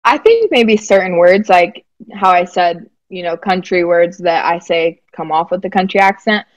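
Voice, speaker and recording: A woman's voice: fairly low pitch, moderate pace, dry recording, dull audio. Young woman, faint Southern lilt. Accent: faint Southern US, softened toward West Coast. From Alabama. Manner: easygoing, chatty, laughs lightly. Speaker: guest, basketball player development director. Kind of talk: casual interview chat.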